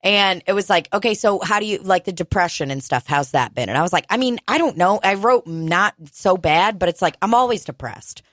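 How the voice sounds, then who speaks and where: A woman's voice: mid-range voice, expressive, a bit bright, dry recording, studio quality. A young woman co-hosting a podcast, talking candidly and swearing in casual chat. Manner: candid, swearing, talks fast when quoting herself. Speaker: podcast co-host.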